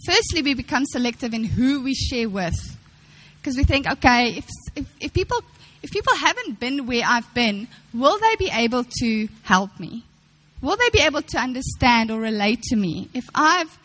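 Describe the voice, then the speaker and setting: A woman's voice: high voice, fairly bright tone, rough recording. A young woman preaching a sermon to women, earnest, repeating phrases and acting out quotes.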